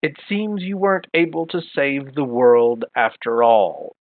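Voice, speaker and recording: A man's voice: medium pitch, animated, measured pace, dry recording, close to an everyday voice. Man voicing a bitter old woodsman warlord. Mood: grim. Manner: spoken between axe swings, plain voice, no accent attempted. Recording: phone-like online call.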